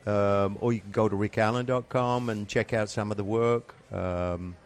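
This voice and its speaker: A man's voice: fairly low pitch, fairly even intonation, moderate pace. A man, a guest drummer, speaking in a laid-back, chuckling way with many fillers in a live interview. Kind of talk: live talk show interview. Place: live event room on a cruise ship.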